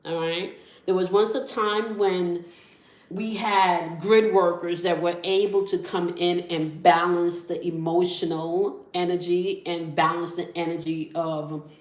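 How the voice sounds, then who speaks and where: Woman, low voice, calm instructive tarot guide, echoey room. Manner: calm, instructive, checks in with "okay?" often. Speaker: spiritual reader. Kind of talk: guided tarot and sound healing session.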